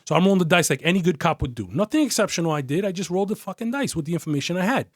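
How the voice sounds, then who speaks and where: A man, a retired detective as a podcast guest, telling a story in a casual, profane, animated way. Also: sits high, very fast, dry recording, clean studio sound. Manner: profane, animated, acts out quoted voices.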